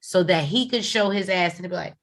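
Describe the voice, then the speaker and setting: A woman's voice: lowish voice, a little fast. A woman in her forties co-hosting a casual review chat, blunt and profane. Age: 40s. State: tired, coughing. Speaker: co-host.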